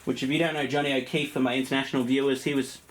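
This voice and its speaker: In a casual show-and-tell vlog, an Australian record collector rambles very fast through his vinyl, listing records amid lots of ums and uhs. His mid-range voice has little pitch movement.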